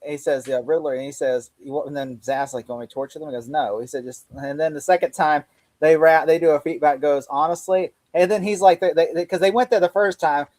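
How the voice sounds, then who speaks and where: A man's voice: a little high, steady tone, a little fast, a little mellow, no echo. A man co-hosting a casual podcast chat, laughing often and swearing while acting out lines from a scene. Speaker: podcast co-host.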